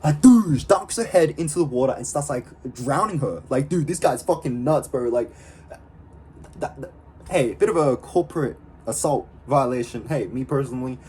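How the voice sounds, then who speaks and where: A man vlogging in a casual, excitable way, slangy and profane, with lots of fillers. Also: medium pitch, moderate pace, a little hiss or hum. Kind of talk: casual talk to camera.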